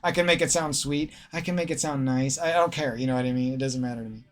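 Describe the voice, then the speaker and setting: A man's voice: medium pitch, quick pace. A man with a slightly nasal Midwestern American accent, ranting in a rambling, profane gaming vlog and cutting himself off mid-sentence. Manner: profane, rambling, self-interrupting. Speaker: gaming streamer.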